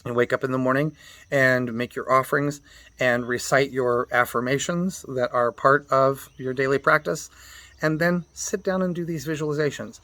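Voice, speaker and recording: A man's voice: medium pitch, fairly bright tone. Man patiently teaching mantra chanting. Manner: patient explainer, spells out pronunciations and chants the syllables slowly. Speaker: meditation teacher.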